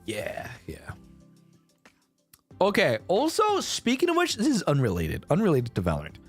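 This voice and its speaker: A young man streaming, chatting casually with viewers, swearing and shouting in protest. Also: high-pitched, huge pitch swings, a little fast, slightly rough, faint music behind.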